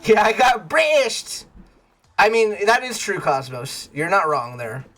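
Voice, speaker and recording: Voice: medium pitch, slow. A streamer in a casual livestream chat, telling rambling stories, laughing often and greeting viewers in chat. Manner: animated, rambling storyteller.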